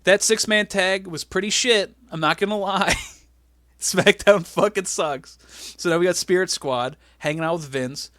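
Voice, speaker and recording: A man's voice: sits high, measured pace, fairly bright tone, no echo, studio quality. A man hosting a casual podcast, recapping a wrestling show in a joking, rambling way. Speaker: podcast host.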